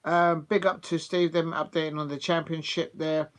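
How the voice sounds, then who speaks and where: Male livestream host, casual rambling chat, voice sits a little high. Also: flat delivery, normal speed, fairly bright tone. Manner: chatty, rambling, with many fillers. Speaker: football watch-along streamer. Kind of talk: casual live commentary.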